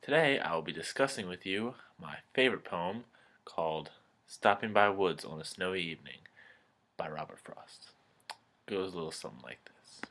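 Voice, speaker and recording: A man in his twenties, a student reciting a poem and then analyzing it in a relaxed, chatty way with frequent ums. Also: low voice, moderate pace. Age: 20s.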